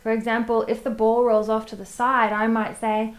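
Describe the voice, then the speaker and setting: A woman early childhood educator, explaining a lesson in a calm, measured teaching tone. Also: on the high side. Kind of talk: scripted lesson narration.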